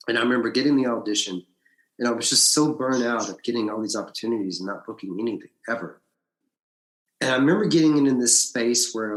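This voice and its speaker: A man with a somewhat low voice, an actor appearing as a podcast guest, recounts his story in a casual interview. He retells it bluntly and animatedly, swearing freely, and the recording has a roomy echo.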